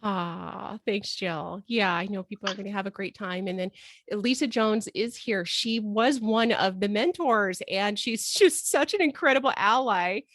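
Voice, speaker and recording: A woman hosting a live video call with her students, gushing and excitable, often breaking into exclamations. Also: medium pitch, measured pace, no echo. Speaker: host and healing coach.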